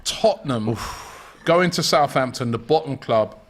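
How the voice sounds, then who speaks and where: A man hosting a football round-up show, chatting casually with animated banter. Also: medium pitch, unhurried, a little hiss or hum.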